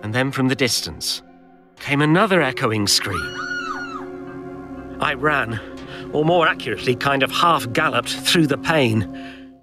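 A man's voice: medium pitch, lively intonation, a little slow, pauses often, music in the background, close to an everyday voice. A man narrating as a young male companion in pain, telling his story in an urgent first-person audiobook reading. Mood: tense.

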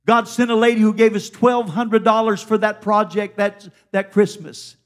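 A woman with a medium-pitched, steady voice preaches a fervent Pentecostal sermon at normal speed during a church service. She exhorts the congregation, repeatedly calling out "come on."

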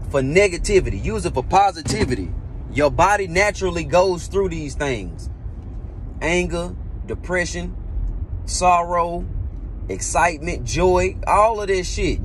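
A man's voice: high-pitched, animated, measured pace, slight background noise. A man, a musician, giving a blunt, heavily profane motivational talk, hammering points home by repeating them. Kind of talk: casual motivational monologue.

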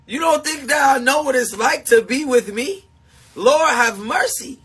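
High, breathy-voiced man livestreaming. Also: unhurried, pushed and bright. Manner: emphatic and confessional, repeats himself; laughs often between points. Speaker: live streamer talking to supporters. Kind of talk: casual livestream chat.

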